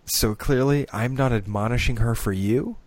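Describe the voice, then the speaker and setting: A man in his thirties, a podcast co-host, telling an animated story in casual chat. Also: mid-range voice, moderate pace, dry recording. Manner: storytelling, animated, laughs often.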